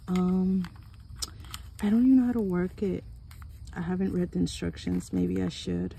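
Woman, haul vlogger, excitable unboxing chat, low voice, gravelly, noisy recording. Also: moderate pace. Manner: chatty, excitable, gasps and exclaims at items. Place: home room.

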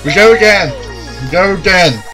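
A man commentating his own gameplay, often frustrated, swearing and shouting at the game. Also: high voice, expressive, moderate pace, faint music behind. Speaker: gaming YouTuber. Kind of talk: let's play commentary.

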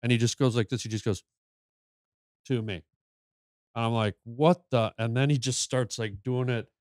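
A man telling a story as a podcast guest, animated, tripping into quick restarts as he goes. His voice sits at an ordinary middle pitch and sounds close and dry, with no room around it. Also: no room sound. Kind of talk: storytelling in casual chat.

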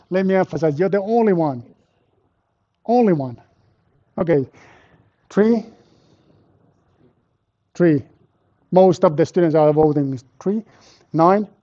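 A man lecturing a university class live, with a fairly high, mellow voice. He walks through the material step by step, puts questions to the room and teases the students about their answers. The stream sounds dull and lo-fi. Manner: quizzes students and teases them. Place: lecture hall with a live audience.

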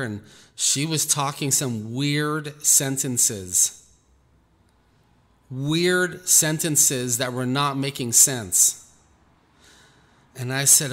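A man, a Christian minister, telling a personal testimony in an earnest, halting way, repeating words as he goes. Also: medium pitch, a bit bright. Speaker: Christian minister recounting an experience. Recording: echoey room, faint music behind.

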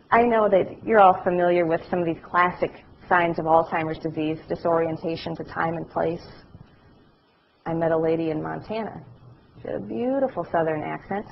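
A middle-aged woman giving a class lecture, telling anecdotes in a lively way and acting out the voices of people she describes. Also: lowish voice, moderate pace, dull audio, slight background noise. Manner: animated storytelling, acts out voices.

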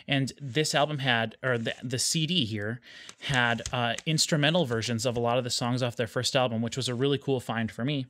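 A man's voice: medium pitch, fairly even intonation, fairly quick, a bit bright, no room sound. A man hosting a casual home video, talking in a rambling way with lots of small hesitations. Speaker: YouTube host. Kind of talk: casual vlog chat.

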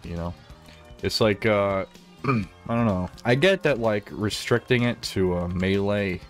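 A man's voice: on the low side, measured pace, soft background music. A man giving casual, rambling gameplay commentary, swearing often and restarting his sentences. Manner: rambling, profane, self-interrupting. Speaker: gaming commentator.

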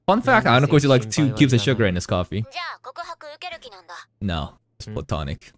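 A man's voice: medium pitch, wildly swooping pitch, normal speed, a crowd in the background. Chatty man reacting to anime aloud. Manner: chatty, laughs often, talks to the characters on screen. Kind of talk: casual live reaction commentary.

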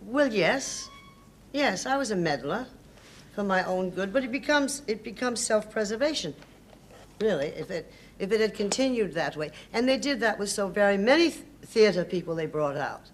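A woman's voice: mid-range voice, animated, normal speed. Older american woman in an interview, emphatic, dry wit, faint hiss behind. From United States. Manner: emphatic, hesitant restarts, sardonic. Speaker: interview guest. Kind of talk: reminiscing interview.

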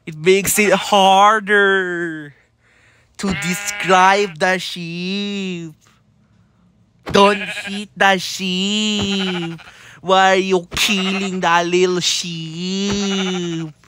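Very slow, scolding comedy narrator. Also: mid-range voice, little pitch movement, pushed and bright, slight background noise. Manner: scolding, repeats the same warnings over and over. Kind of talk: repetitive scolding commentary over gameplay.

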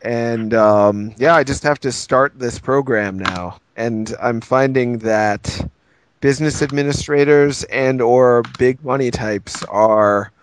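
A man's voice: mid-range voice, slow pace, slight background noise. A man co-hosting a podcast, rambling in casual chat. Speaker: podcast co-host.

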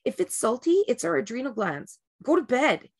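A woman's voice: high-pitched, very animated, moderate pace, creaky, darkish tone, husky. A woman giving a casual, rambling talk on breaking habits before a group meditation, often restarting and checking in with "right?".

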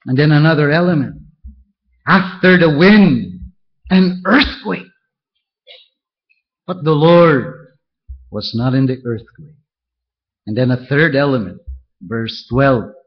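A man preaching a verse-by-verse sermon, reading scripture aloud and pointing out each step with deliberate care. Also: a little high, highs cut off. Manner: slow, deliberate, walks through verses point by point. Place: church.

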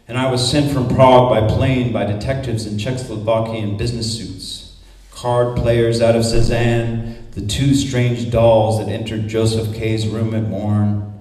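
A man's voice: fairly low pitch, level tone, a little slow, a little mellow. A man reading poetry aloud at a conference, in a declamatory, incantatory recitation with repeated refrains. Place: conference hall. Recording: echoey hall, mic at a distance.

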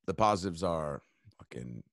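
A man's voice: deep voice, lively intonation, moderate pace, no echo, clean studio sound. A male comedian guest on a podcast, riffing in rambling, swear-laden bits full of fillers. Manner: rambling comic riffs, frequent swearing and fillers. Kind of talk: casual podcast chat.

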